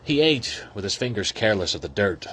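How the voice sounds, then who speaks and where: Man, lowish voice, casual novel read-aloud, excited asides. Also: a little fast, slight background noise. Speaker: reader.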